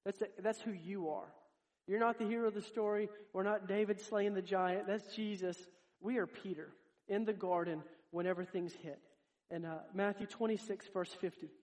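A man with a notably high voice delivers a sermon. He is earnest and direct, and he addresses his congregation as if talking with each of them. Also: steady tone, normal speed, darkish tone. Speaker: preacher.

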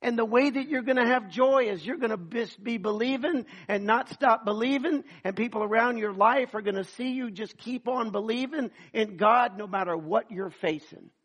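A man's voice: very high voice, moderate pace, few pauses, fairly bright tone. A man preaching a sermon as pastor, calling out to the congregation and acting out voices as he goes.

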